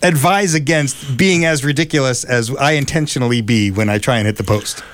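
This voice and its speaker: A middle-aged man hosting a casual radio chat, chatty and quick to laugh. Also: mid-range voice, a bit bright, dry recording. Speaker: radio show host.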